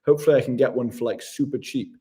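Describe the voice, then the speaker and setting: A man who vlogs travel talks with viewers at a quick pace during a live travel stream, his mid-range voice dark in tone. The chat is casual, cheerful, and chummy, and he keeps calling people "mate".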